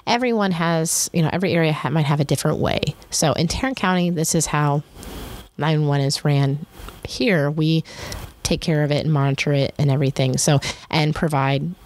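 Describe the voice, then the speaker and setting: A woman's voice: deep voice, moderate pace, darkish tone. A woman hosting a podcast, talking casually and rambling with restarts and fillers. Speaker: podcast host.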